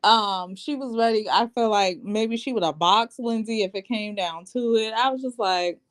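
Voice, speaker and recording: A woman's voice: mid-range voice, normal speed, hardly any pauses. A woman recapping a reality TV episode in casual, sassy commentary, acting out quotes as she goes. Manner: sassy and animated, quoting people in put-on voices.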